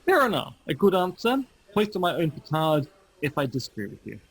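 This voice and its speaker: A man's voice: a little high, sing-song, a little fast, slightly rough, low-quality recording. A man co-hosting a podcast, chatting casually and making dry, wry quips. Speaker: podcast co-host. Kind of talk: casual chat.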